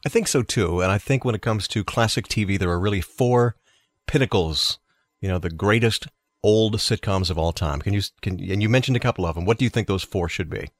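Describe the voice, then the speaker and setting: Man, radio host, from Massachusetts, lowish voice, dry sound, storytelling, chatty. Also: dry recording. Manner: chatty, storytelling, quick to laugh. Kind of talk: casual on-air chat.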